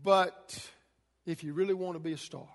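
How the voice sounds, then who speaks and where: Man, pastor, high voice, emphatic sermon delivery, long reverb of a large room. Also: fairly even intonation, normal speed, gravelly. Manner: emphatic, rising and falling preaching delivery.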